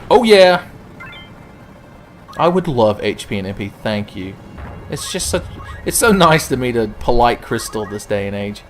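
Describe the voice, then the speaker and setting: A man's voice: medium pitch, big pitch swings, unhurried, pauses often. Profane joking man over game music. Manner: profane, jokey, does silly voices. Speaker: gaming channel host. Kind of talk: let's play commentary.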